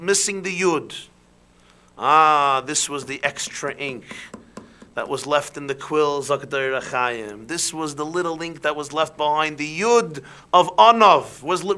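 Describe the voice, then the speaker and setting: A rabbi delivers a sermon in a high, bright male voice. He asks rhetorical questions with animation, then drops into soft emphasis.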